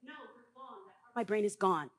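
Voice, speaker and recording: A middle-aged woman giving a live motivational talk on a conference stage, blunt and emphatic, jumping from loud bursts to quiet asides. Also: medium pitch, animated, fast talker. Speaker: conference speaker.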